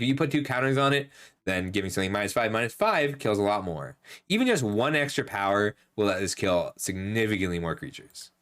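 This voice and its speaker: Lively-voiced man reviewing game cards. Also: on the low side. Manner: chatty and analytic, with frequent ums and self-corrections. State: slightly losing his voice. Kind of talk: casual card set review.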